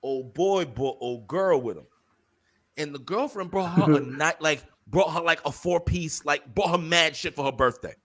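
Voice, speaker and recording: This young podcast co-host has a fairly high voice and a moderate pace. He spins a story in casual, profane banter, getting animated and performing the voices of the people he quotes.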